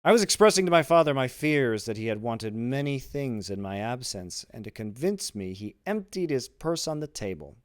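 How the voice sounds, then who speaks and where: Guy reading as an eager young sailor, lively up-and-down voice, dry sound. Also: normal speed, hardly any pauses, no room sound, natural voice. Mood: cool, polite. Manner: raised pitch, emphatic. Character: earnest young male sailor, eager, generous.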